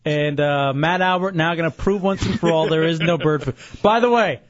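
High-voiced teasing radio host man. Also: normal speed. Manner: teasing, laughs often. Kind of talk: joking talk radio banter. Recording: dull lo-fi radio broadcast.

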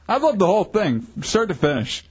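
A man's voice: sits high, sing-song, measured pace, darkish tone, husky. A man on a radio show, cheerfully and contrarily teasing the others. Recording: muffled radio broadcast with faint music.

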